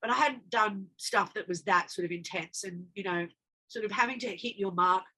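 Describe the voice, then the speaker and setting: A woman, an actress, telling lively stories in a casual interview and acting out lines of dialogue as she goes. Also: medium pitch, moderate pace, breathy edge. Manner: animated, acts out dialogue in her anecdotes. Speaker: actress guest.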